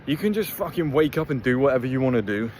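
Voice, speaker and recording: Fast and expressive, a man with a mid-range, slightly mellow voice rants bluntly and profanely to camera as the motivational host of his own channel. His monologue rambles, and there's slight background noise.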